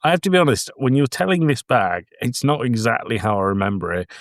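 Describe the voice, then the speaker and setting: A man's voice: medium pitch, sing-song, fairly quick, no room sound, studio quality. Exasperated, swearing man ranting about a film. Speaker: podcast co-host. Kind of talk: casual chat reviewing a film.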